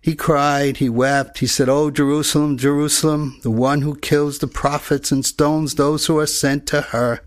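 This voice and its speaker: Man, preacher, sermon, earnest measured delivery, slightly high voice, dry close recording. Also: little pitch movement, dry recording. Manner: earnest, measured teaching with scripture readings.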